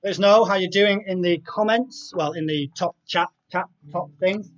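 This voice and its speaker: A man hosting a live internet quiz speaks at a moderate pace in a high-pitched voice, reading out the answer choices and chatting casually between questions. The sound is dull and lo-fi, with faint music in the background.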